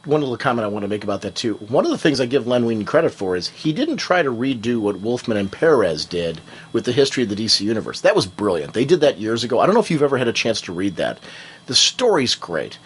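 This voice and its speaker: Husky, lively-voiced man on a podcast. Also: medium pitch, fast talker. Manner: emphatic, recommending with conviction. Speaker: podcast co-host. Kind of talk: casual chat.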